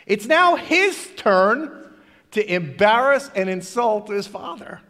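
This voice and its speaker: A man's voice: sits high, big pitch swings, takes it slowly, pushed and bright. A male pastor preaching a sermon to a congregation, animatedly acting out the characters' lines as he tells the story. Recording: long hall reverb.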